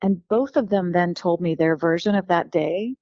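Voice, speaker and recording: A woman from California, a guest telling her life story in a lively, warm way, acting out the voices of the people she quotes. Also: lowish voice, normal speed, no echo, highs cut off.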